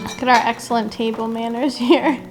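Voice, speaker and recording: A young mother in her thirties chats through a casual home vlog, upbeat and quick to laugh. Her voice sits a bit above the usual range for a woman, and she leans on easy fillers as she talks. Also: a little high, fairly even intonation, over loud music, rough recording. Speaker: vlogger and mother. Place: home, at a family dinner table and then in a quiet office.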